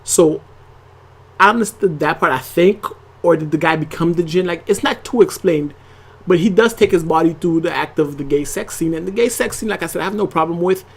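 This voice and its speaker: A channel host talks through a TV episode in a loose, conversational way. The voice sits mid-pitch and moves at an ordinary pace. The delivery keeps circling back with asides and quick check-ins to the viewer. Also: gravelly, husky. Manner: rambling and conversational, leaning on "like" and tag questions. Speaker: TV show reviewer and channel host. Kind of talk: casual episode review to camera.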